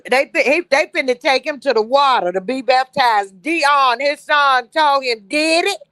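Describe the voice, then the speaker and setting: A woman's voice: sits high, fairly bright tone, no echo. A woman calling into a livestream, gossiping in a blunt, salty way. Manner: blunt, salty, fast storytelling. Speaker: guest caller. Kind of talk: casual gossip chat.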